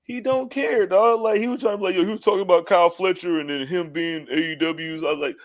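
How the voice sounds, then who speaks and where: Higher-voiced man ranting, heated and profane. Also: fairly even intonation, fast, hardly any pauses. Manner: heated, profane ranting with many restarts and "dog". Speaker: podcast co-host. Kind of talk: casual podcast chat.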